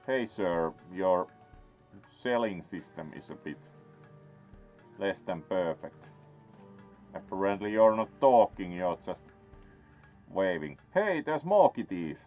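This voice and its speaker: A man's voice: deep voice, big pitch swings, takes it slowly, pauses often. A man giving casual let's play commentary as he plays, in a wry, playful way. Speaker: gaming host. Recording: dull lo-fi sound. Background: faint game music.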